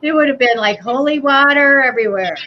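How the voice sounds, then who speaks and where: Woman chatting about ghosts, high bright voice, acts out her lines, kinda muffled stream audio. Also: brisk, a crowd in the background. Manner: animated storytelling, acting out her own quotes. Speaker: paranormal talk show panelist. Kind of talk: casual chat. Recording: dull lo-fi livestream audio with faint noise.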